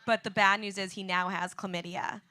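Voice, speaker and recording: Bright, animated woman comedian. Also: medium pitch. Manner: quick, animated, laughing through punchlines. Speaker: stand-up comedian. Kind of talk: stand-up comedy set.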